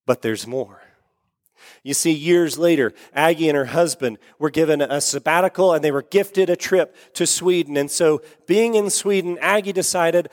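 A man's voice: on the high side, moderate pace. Man preaching a story in a reverberant hall. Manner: earnest, repeats words for emphasis. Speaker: pastor. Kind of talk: sermon storytelling. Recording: long reverb of a large hall.

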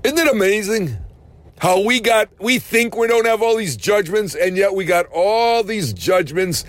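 A man preaching a sermon, animated, rising to shouts and slowing down hard on key phrases. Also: high voice, no room sound.

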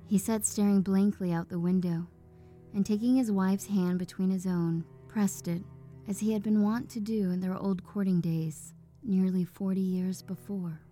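A woman narrates a story in a warm, mellow voice, measured and even. Faint music plays softly in the background. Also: medium pitch.

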